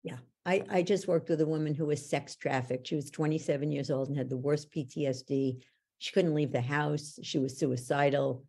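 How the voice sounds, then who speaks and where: Gravelly low-voiced woman coaching. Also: normal speed. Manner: direct, steady, coaching questions. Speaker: belief-change coach, guest. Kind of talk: guiding a belief exercise in a podcast interview.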